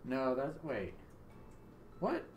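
A young man livestreaming a game, chatting casually with viewers, loud and joking with free swearing. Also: medium pitch, wildly swooping pitch, very slow, soft background music. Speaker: livestream gamer. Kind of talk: casual stream chat. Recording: echoey room, faint ambience.

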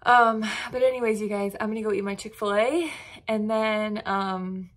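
Indoors at home, a woman from the United States vlogs to her phone camera in a gushing, bubbly chat. She talks at medium pitch and a moderate pace.

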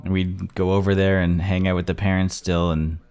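A man's voice: low voice, flat delivery, fairly quick, a little mellow, clear, resonant tone. A man hosting a casual first-time movie reaction, chatty and thinking aloud as he goes.

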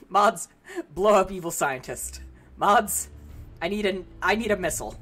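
A young woman streaming a game live, animated and laughing as she banters with her chat and an AI companion. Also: mid-range voice, a little slow, soft background music.

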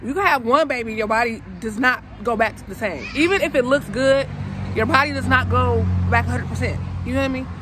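A woman's voice: fairly high pitch, brisk, a crowd in the background, background noise. A young woman talking casually and emotionally to her viewers, calling them y'all, while filming outdoors. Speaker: vlogger. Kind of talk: casual heartfelt vlog talk.

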